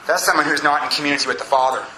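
A man with a fairly high, strikingly bright voice preaches a sermon as pastor. He pushes his points with drawn-out phrases and repetition. The sound carries the echo of a church room with a faint hum behind it. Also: steady tone. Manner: emphatic preaching with drawn-out pauses and repeats. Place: church sanctuary with congregation. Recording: echoey room.

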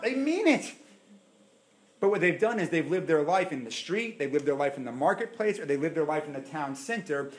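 A man preaching a sermon as pastor, animated, swinging between loud emphasis and hushed asides. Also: high voice. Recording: echoey room.

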